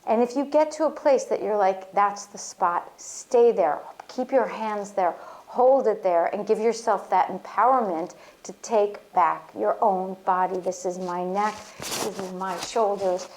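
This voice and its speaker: Woman, yoga teacher, slow unhurried delivery, gentle soothing guidance, mid-pitched voice. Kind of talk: guided somatic exercise.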